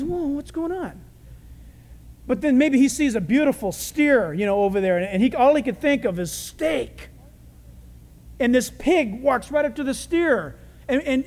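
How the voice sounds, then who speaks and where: A man's voice: extremely high pitch, a little mellow. Brief: humorous male preacher, conversational sermon, big hall echo.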